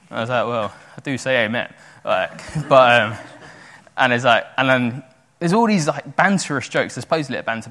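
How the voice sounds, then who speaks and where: A young man giving a sermon in a chatty, animated way, full of fillers and restarts. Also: mid-range voice. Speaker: preacher. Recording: echoey hall with long reverb.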